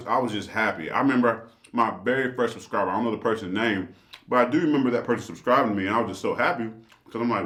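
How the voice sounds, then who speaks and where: A man's voice: medium pitch, fast, a bit bright. A man hosting a casual vlog, chatting upbeat to his viewers while eating. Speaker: channel host. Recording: roomy echo.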